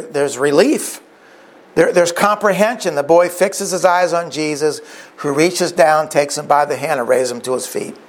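A man preaching a sermon, retelling a story vividly with frequent restarts and asides. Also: a little high.

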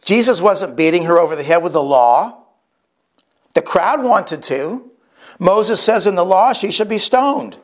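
Male pastor, slightly high voice, earnest sermon storyteller. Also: expressive, measured pace. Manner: earnest storytelling with repeated restarts.

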